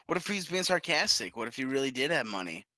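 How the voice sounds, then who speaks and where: A man's voice: medium pitch, very animated, quick pace, pushed and bright. A man co-hosting a podcast, chatting casually and cutting in with jokey remarks. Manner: jokey interjections, laughs often. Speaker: podcast co-host. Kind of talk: casual chat.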